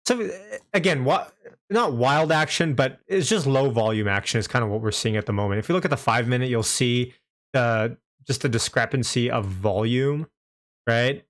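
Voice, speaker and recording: A young man with a light Canadian accent hosts a casual live stream, talking in a relaxed, conversational way. His pitch is an ordinary middle range, and he's chatty, laughing easily and reading viewers' comments aloud as he goes.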